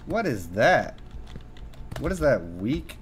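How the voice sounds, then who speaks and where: A man doing gameplay commentary, excitable and self-mocking, breaking into sudden yelps and shouts. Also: medium pitch, slow. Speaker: gaming youtuber.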